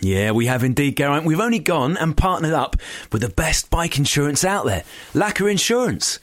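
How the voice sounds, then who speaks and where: A man with a lively, bouncing delivery reads a podcast ad and then teases his co-host with jokes. The sound is dry and close to the mic. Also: a little high, normal speed, no echo. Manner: jokey, teasing, lively intonation. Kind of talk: casual chat and read ad.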